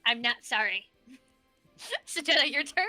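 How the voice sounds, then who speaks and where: Bright-voiced young woman game master. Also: sits high, animated, measured pace, no room sound, soft background music. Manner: playful, breaks into laughter. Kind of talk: narrating a tabletop game.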